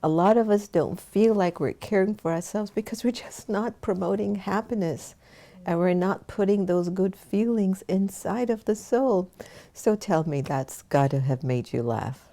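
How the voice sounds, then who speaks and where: A woman's voice: mid-range voice, measured pace, mellow. A woman hosting an online talk show, speaking in a chatty, encouraging way to her viewers. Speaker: host.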